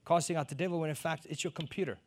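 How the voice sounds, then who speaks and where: Racing along in a steady voice on the high side, a middle-aged preacher from South Africa recounts a personal story in his sermon. He performs the conversations he describes and builds to loud emphasis.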